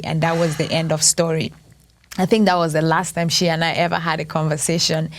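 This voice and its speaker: A woman in her thirties tells her life story as an interview guest, in a slightly low voice. She speaks earnestly and reflectively, taking her time between thoughts. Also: little pitch movement, normal speed. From Cameroon. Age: 30s. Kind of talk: personal testimony.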